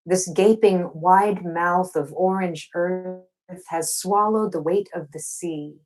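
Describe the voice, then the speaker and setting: Woman poet from arkansas, lowish voice, reading poems slow and rhythmic on a video call. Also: low-quality recording. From Arkansas, USA. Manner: warm, playful talk between poems; slow, rhythmic poetry delivery. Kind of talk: poetry reading. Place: at home, over a video call.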